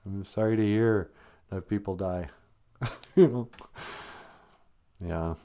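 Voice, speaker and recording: A man with a fairly low voice talks casually on a live stream, joking gently at his own expense. He sounds close to tears as he speaks. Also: big pitch swings, takes it slowly, pauses often. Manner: joking, self-deprecating, gentle.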